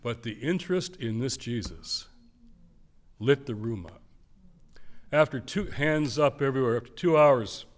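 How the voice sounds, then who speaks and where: An older man giving a public lecture, telling stories in an animated way and acting out the voices of the people he quotes. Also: mid-range voice, a little slow, pauses often. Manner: animated storyteller, acts out quoted voices with swings in loudness.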